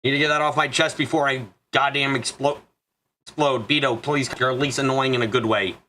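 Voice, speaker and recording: A man's voice: medium pitch, steady tone, fairly quick, pushed and bright, slight background noise. A young man hosting a game playthrough, venting in a profane, exasperated rant. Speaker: let's play host. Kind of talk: casual gameplay commentary, venting.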